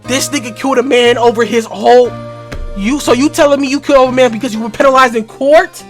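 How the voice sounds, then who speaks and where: A woman playing a story game and reacting in loud, slangy commentary over game music. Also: fairly high pitch, fast. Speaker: gamer.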